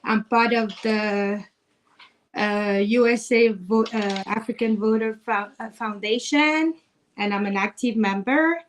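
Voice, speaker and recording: A woman's voice: fairly high pitch, unhurried. Earnest woman from Togo. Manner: earnest, a little flustered. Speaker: panelist.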